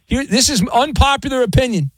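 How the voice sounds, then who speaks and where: Radio host guy, lively up-and-down voice, wisecracking, dry studio sound. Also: very high voice, fairly quick, dry recording. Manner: joking, sarcastic, animated. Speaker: radio talk show host. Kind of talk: casual sports talk radio.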